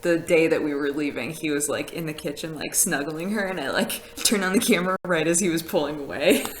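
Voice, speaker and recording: A woman's voice: sits low, fairly quick, slight background noise, rough recording. A woman chatting casually on a live stream, rambling with fillers and laughs as she reads messages from chat. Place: house with a conservatory.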